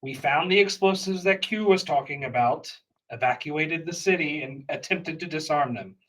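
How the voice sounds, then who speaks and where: A man walking his fellow players through a plan during a tabletop game, patient and methodical with a note of exasperation. His voice is fairly high. He sounds set back from the microphone. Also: normal speed, fairly bright tone, distant mic, rough recording. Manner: patient, explaining step by step, exasperated laughs. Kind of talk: tabletop role-play chat.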